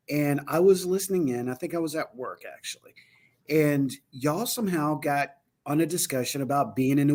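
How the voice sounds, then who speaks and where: A man co-hosting a paranormal talk show, telling funny stories in an animated way and jumping high when he quotes people. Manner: animated storyteller, voice jumps high for quoted shouts. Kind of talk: casual chat.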